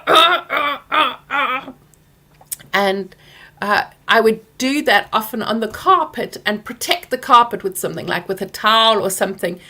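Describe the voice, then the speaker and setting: A middle-aged woman hosting a workshop Q&A, speaking softly and gently and sometimes dropping to a whisper. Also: mid-range voice. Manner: soft and gentle, drifting into whispers; acts out anger with loud groaning sounds. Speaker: workshop host answering questions. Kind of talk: Q&A talk to an audience.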